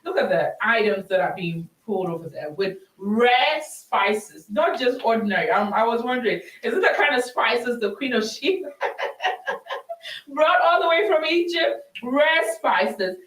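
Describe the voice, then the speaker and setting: A woman hosts a Christian women's show, chatting her way through Bible verses. She slows down to stress each line she reads and laughs often. Her voice rings in a roomy space and sits some distance from the mic. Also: on the high side, lively intonation, a bit bright. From Ghana. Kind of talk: teaching on scripture for a live audience.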